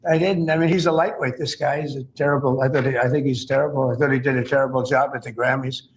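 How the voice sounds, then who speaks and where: A man's voice: medium pitch, steady tone, fast talker. An older man answering reporters at an official event, blunt and dismissive, repeating himself. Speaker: politician at press event. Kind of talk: off-the-cuff remarks to reporters. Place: large official room. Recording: roomy archive press clip with faint ambience.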